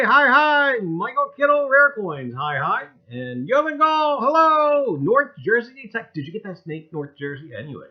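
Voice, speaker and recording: A man hosting a casual livestream, greeting viewers exuberantly and repeating himself, swinging between loud calls and mumbled asides. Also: sits high, big pitch swings, normal speed, muffled recording. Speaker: livestream host.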